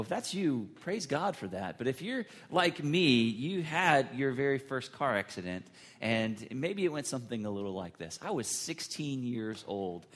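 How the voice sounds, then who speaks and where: A man's voice: mid-range voice, fairly bright tone. A man preaching a sermon as pastor, telling a personal story in an earnest way.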